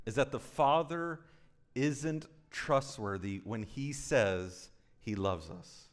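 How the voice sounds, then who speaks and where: A man in his thirties preaching a sermon as pastor, moving between slow, soft emphasis and quick, chatty storytelling with frequent asides to the congregation. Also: mid-range voice. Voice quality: conversational with frequent "right?" asides.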